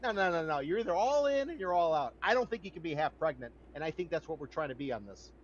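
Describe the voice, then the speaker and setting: A man with a high, lifted voice argues his point bluntly and emphatically, with a folksy turn of phrase. The sound is a little dull and lo-fi, like a podcast debate. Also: expressive, quick pace. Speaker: podcast host.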